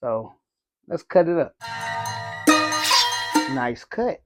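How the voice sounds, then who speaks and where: A man's voice: medium pitch, big pitch swings, extremely slow, loud music behind the voice. A man giving a laid-back, conversational cigar review, often saying "you know". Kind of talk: casual review talk.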